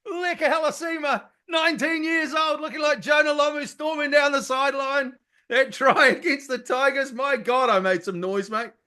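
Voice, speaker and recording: A middle-aged New man talks sport in a loud, excitable rush, swearing as he goes. His voice sits high for a man. He sounds like a fired-up fan rather than a broadcaster. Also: moderate pace. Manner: excitable, loud, swears freely, mimics people. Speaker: podcast co-host. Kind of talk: casual sports chat.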